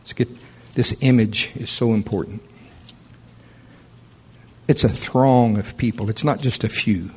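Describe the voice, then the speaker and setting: Husky-voiced man preaching a sermon. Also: fairly low pitch, a little slow, long pauses. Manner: conversational preaching, rising animated toward the end. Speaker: pastor.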